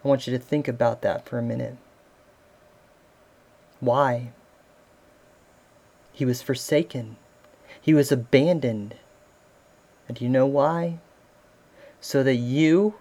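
A man's voice: mid-range voice, slow pace, pauses often, darkish tone. Guy pastor giving a sermon, earnest, lots of questions to the crowd. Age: adult father. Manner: earnest, with rhetorical questions to the listeners.

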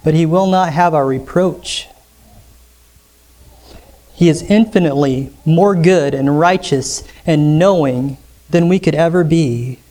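A male pastor with a mellow, somewhat high voice gives a sermon in a church sanctuary. His key lines rise sharply and emphatically, and he slows when reading from scripture.

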